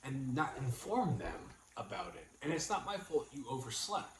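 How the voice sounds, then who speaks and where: A man's voice: mid-range voice, moderate pace. Middle-aged guy rambling through a family story on stream, echoey room, bit of hiss. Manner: animated storyteller, acts out quoted lines. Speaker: vlog host. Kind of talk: casual storytelling to a livestream audience. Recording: echoey room with faint noise.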